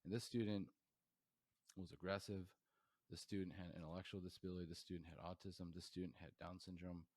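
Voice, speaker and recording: A man's voice: low-pitched, level tone, fairly quick, darkish tone, no echo. A man in his thirties, a podcast guest and professor from New York State, talking in a rambling way with lots of fillers and restarts. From New York State, USA. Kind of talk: casual interview storytelling.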